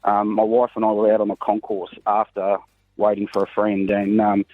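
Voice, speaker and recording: A man's voice: lowish voice, completely flat delivery, moderate pace, no room sound, faint music behind. A man calling in to a radio show, talking earnestly and rambling with plenty of fillers. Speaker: radio caller. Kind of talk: call-in chat. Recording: phone line.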